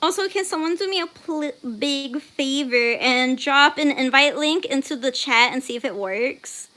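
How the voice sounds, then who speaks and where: A woman's voice: sits high, normal speed, bright, forceful tone. A young woman hosting an art livestream, casually chatting and reading chat messages aloud, laughing often and squealing when surprised.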